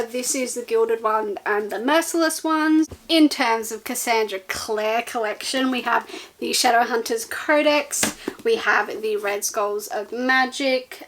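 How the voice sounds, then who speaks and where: Chatty higher-voiced young woman. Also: fairly bright tone, low-quality recording. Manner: chatty, rambling, with ums and laughs. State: running out of breath. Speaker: booktuber. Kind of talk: casual book haul chat.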